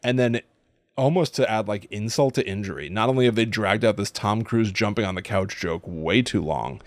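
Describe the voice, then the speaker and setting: A man's voice: on the low side, moderate pace, no room sound. A man co-hosting a podcast, chatting casually about a film he hated, sarcastic and exasperated, acting out scenes as he retells them. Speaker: podcast co-host. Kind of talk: casual movie review chat.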